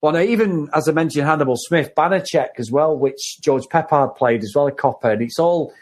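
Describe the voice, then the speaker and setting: Excitable higher-voiced man. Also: fairly quick. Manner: excitable, laughing, rambling. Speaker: podcast co-host. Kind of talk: casual film review chat.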